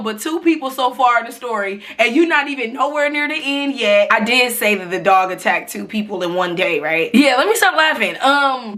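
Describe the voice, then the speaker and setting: A young woman vlogger recounts a chaotic story straight to camera. Her voice sits a touch high and rings bright. She talks expressively and profanely, and laughs as she tells it. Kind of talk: storytime vlog.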